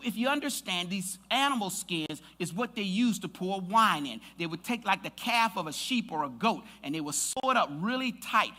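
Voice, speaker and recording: A man preaching a lively sermon in a church, his voice high and strikingly bright. He swings through a wide melodic range, teasing the congregation and building to loud shouts. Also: moderate pace, few pauses. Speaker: pastor. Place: church sanctuary.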